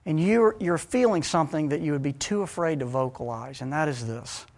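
A man preaches a sermon with dramatic swings in loudness. He drops to hushed, low passages and then builds back up to loud, forceful stretches. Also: a little fast.

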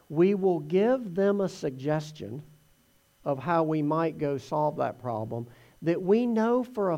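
A man giving a conversational sermon, telling the Gospel story in an animated way. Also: a little high, highs cut off. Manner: animated storytelling, acts out voices in quotes. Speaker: preacher teaching from the Gospels.

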